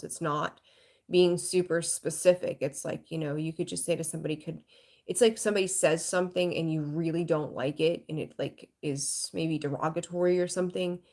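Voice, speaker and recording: A woman's voice: sits low, darkish tone. A woman giving a live tarot reading in a frank, rambling way, swearing casually and greeting viewers. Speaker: tarot reader.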